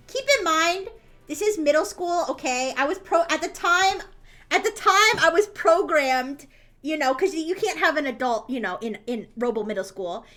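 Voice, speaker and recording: A woman's voice: high-pitched, a bit bright. A woman streamer telling a story in casual chat, rambling, restarting often and swearing freely.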